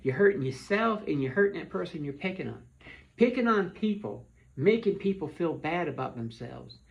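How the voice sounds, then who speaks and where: A man speaks earnestly to his viewers in a pleading, heartfelt monologue, stumbling and repeating words as he goes. His voice sits a little high and has a gravelly edge. The recording sounds dull and lo-fi. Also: lively intonation, moderate pace. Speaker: vlogger. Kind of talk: earnest direct-to-camera monologue.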